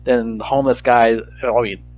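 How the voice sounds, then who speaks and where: A man's voice: medium pitch, fairly even intonation, normal speed, faint music behind. A man giving a casual, rambling movie review rant, profane and frustrated, in slightly dull lo-fi audio.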